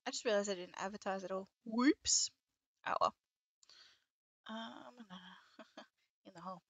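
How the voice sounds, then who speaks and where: A woman's voice: mid-range voice, slow, slightly rough, no room sound, poor audio. A young woman live-streaming a horror game, chatting to her viewers, swearing freely and shrieking at scares. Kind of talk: casual live-stream commentary.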